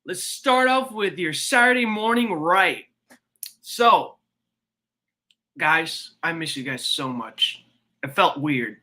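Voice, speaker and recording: Young male streamer, casual rambling chat, slow and bright. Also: on the high side. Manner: chatty, rambling with many fillers.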